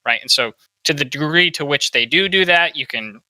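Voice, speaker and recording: A man's voice: fairly high pitch, expressive, moderate pace, sharp tone, no echo, low-quality recording. A man hosting a podcast, giving opinionated political commentary and asking "right?" often. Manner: opinionated, peppers talk with "right?". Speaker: podcast host.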